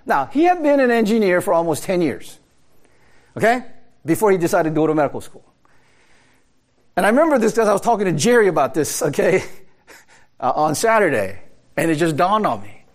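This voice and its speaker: A man's voice: sits high, big pitch swings, fairly quick, long pauses. A man preaching a sermon in a conversational way, asking his listeners rhetorical questions and laughing now and then. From America. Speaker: pastor.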